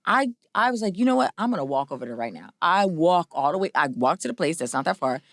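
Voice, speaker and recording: Woman co-host, casual chat, lively sing-song pitch, dry close sound, animated storyteller. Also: fast talker, no room sound. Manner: animated storyteller who acts out both sides of a dialogue; swears casually. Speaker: podcast co-host.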